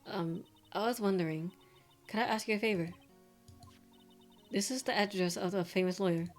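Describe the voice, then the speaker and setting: A woman's voice: mid-range voice, fairly even intonation, moderate pace, faint music behind, lightly acted. A woman reading game lines aloud as a polite, apologetic young spirit medium in training. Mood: pleading.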